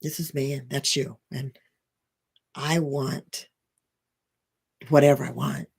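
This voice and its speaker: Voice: mid-range voice, flat delivery, creaky, slightly rough, voice pushed down, full character voice. A coach voicing a baby's fearful, scheming ego. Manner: rambling inner monologue, halting restarts. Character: fearful self-centered ego of a baby.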